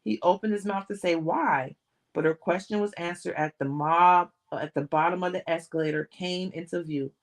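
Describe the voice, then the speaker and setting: A woman reading a novel aloud on a livestream, steady and plain, sometimes restarting a word. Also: lowish voice, moderate pace. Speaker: audiobook reader.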